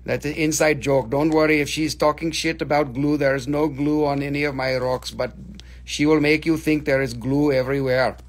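A man in his forties from America, hosting a live crystal sale with playful, rambling banter. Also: on the high side. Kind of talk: joking live-stream sales chat.

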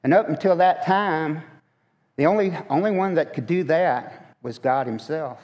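A man's voice: a little high, unhurried, a little mellow, dull audio. Man preaching in a reverberant church. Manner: conversational, asks the congregation questions. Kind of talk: sermon. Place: church sanctuary. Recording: long hall reverb.

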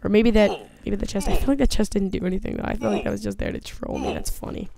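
Over a crowd in the background, a gaming video host with a gravelly, mid-range voice talks fast through her let's play. Nervous and jumpy, she keeps muttering to herself and addressing the on-screen monsters as she plays.

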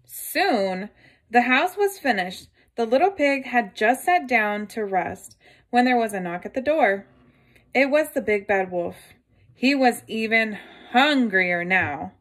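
A woman reading a picture book aloud to children, gently stopping to ask her listeners questions. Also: mid-range voice, expressive, unhurried.

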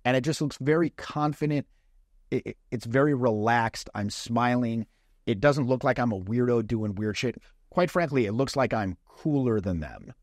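A man coaching dating in a casual, blunt way, swearing freely and acting out quick mock lines. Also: mid-range voice, dry recording, studio quality.

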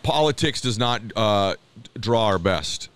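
A man's voice: on the low side, unhurried, smooth. A middle-aged man as a podcast guest, talking in an earnest, motivational way and acting out the dialogue in his stories. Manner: animated storyteller, acts out quoted dialogue. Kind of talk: podcast interview.

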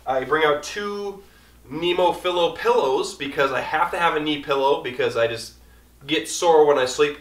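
A man's voice: on the high side, moderate pace, a bit bright, reverberant, far from the mic, a little hiss or hum. A man casually rambling through his camping gear in an easygoing, chatty way as an outdoor vlogger.

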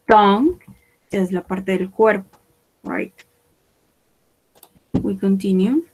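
Slow, patient woman teaching English. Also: medium pitch, a little mellow, husky, low-quality recording. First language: Spanish. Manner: slow, repeats words for pronunciation. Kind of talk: bilingual vocabulary lesson.

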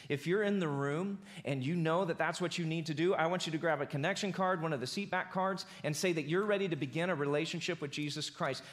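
A pastor preaching a sermon in a church, talking casually and then building to emphatic peaks. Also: male voice, fairly high pitch, fairly bright tone. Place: church auditorium.

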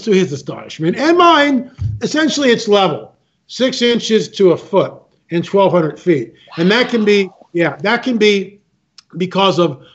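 A man speaking as a guest, telling stories with emphasis, repeating himself and acting out other people's lines. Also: sits high. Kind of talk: animated storytelling talk. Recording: muffled lo-fi sound.

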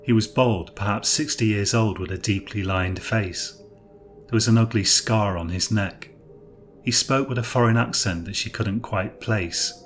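A man with a low voice telling a dark story in a measured, even way. His reading is steady and unhurried. Soft music plays faintly underneath. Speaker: narrator. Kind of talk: scripted story narration.

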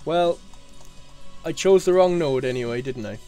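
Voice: mid-range voice, moderate pace, mellow, faint music behind. A game streamer giving live, sweary gameplay commentary and talking to themself. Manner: sweary, talks to self.

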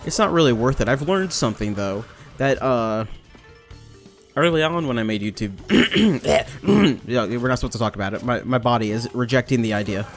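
A young man talking casually over his gameplay, rambling and mocking himself, with sudden loud outbursts. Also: mid-range voice, animated, moderate pace, faint music behind. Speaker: let's play gamer.

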